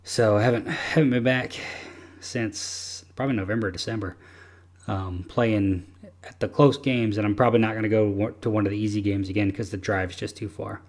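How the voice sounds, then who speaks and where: A man's voice: lowish voice, steady tone, normal speed, a little mellow. A man hosting a casual podcast chat, rambling and easygoing with lots of fillers. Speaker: podcast host.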